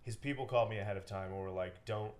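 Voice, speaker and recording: A man's voice: fairly low pitch, rapid-fire, crowd noise. A young man, a real estate agent, telling stories in a casual interview and acting out the people in them. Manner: animated storyteller, acts out quotes.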